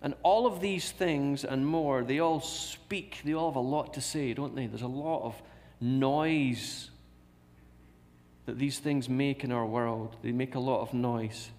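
A man's voice: medium pitch, a little slow, a little mellow. A man preaching a sermon in a church, repeating key phrases and asking rhetorical questions. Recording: long reverb of a large hall.

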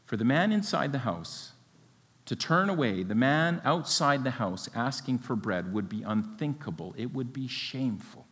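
A man preaching a sermon, expressive and full of rhetorical questions, with a light laugh now and then. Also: mid-range voice, normal speed. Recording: long hall reverb.

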